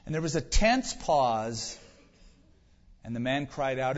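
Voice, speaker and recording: A man's voice: mid-range voice, lively intonation, takes it slowly. A male pastor preaching a sermon, driving points home with emphatic rhetorical questions. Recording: dull reverberant hall recording.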